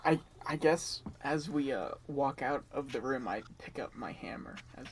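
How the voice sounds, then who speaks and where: A man's voice: medium pitch, moderate pace, creaky, background noise. A man playing a tabletop game over voice chat, talking hesitantly with many restarts. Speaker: player.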